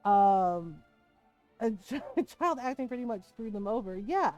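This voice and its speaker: A woman streamer chatting casually with her live viewers, animated and swearing often, with frequent laughter. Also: mid-range voice, a little slow, soft background music.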